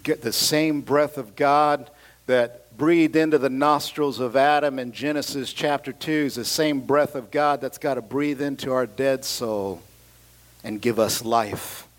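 At a measured pace and medium pitch, a middle-aged pastor delivers a lively sermon full of casual slang and cries of hallelujah. His delivery shifts from loud stretches to quiet asides.

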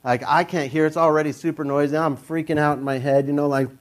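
A young man telling a personal story in a casual, animated way, jumping into a high, panicky voice when quoting his own thoughts. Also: fast.

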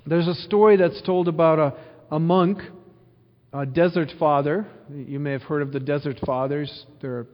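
A man preaching an earnest sermon, with a slightly higher-than-usual voice, repeating phrases and asking the listeners questions. His voice carries a long hall reverb, and the recording sounds a little dull. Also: steady tone, moderate pace. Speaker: pastor.

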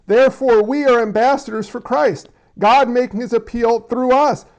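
A man's voice: very high voice, fairly even intonation, normal speed, muffled recording. A man preaching a conversational sermon, addressing the congregation directly, with frequent stammered restarts. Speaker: pastor.

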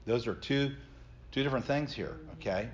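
On a slightly dull lo-fi recording with faint background noise, a middle-aged pastor teaches a Bible study class. His medium-pitched voice moves at a moderate pace as he earnestly explains scripture to the group.

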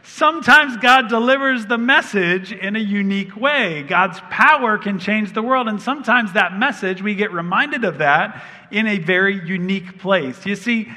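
Preaching at normal speed, this thirtysomething pastor has a high voice that sounds pushed and bright. He tells stories with humor and animation, and his words ring with the long reverb of a large church hall.

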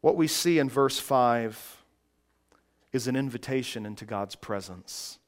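A man preaching a sermon, moving from quiet reflective passages to loud, emphatic preaching. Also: medium pitch, unhurried. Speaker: pastor.

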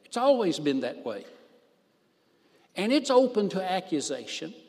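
A man preaching a sermon in a slightly high voice, leaning hard on key words. He talks very slowly and stretches his phrases out for emphasis. His voice rings with the long reverb of a large hall. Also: big pitch swings, creaky, darkish tone. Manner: emphatic, drawn-out phrases for stress.

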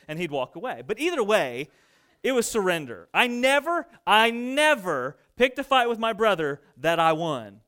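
A young adult man preaching a sermon, telling a story in an animated, conversational way to his congregation. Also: sits high, fairly quick. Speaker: pastor. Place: church sanctuary.

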